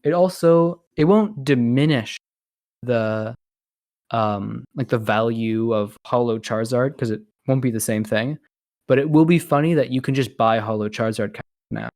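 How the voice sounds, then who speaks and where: A podcast co-host rambles through casual chat, laughing often. His medium-pitched voice is a little mellow at a normal speed, recorded clean in a studio with no echo.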